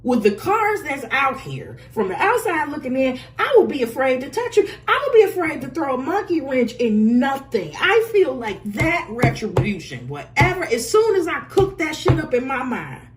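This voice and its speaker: A woman's voice: sits high, very animated, normal speed, few pauses, slight background noise. A woman giving a casual spoken tarot reading, blunt and profane and laughing often. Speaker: tarot reader.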